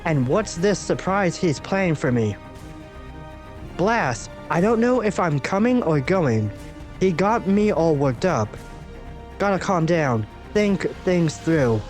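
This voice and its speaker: A man's voice: on the high side, expressive, slow pace, a little mellow, faint music behind. A man reading out a comic, voicing a young male superhero's joking, chatty inner thoughts. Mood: worried.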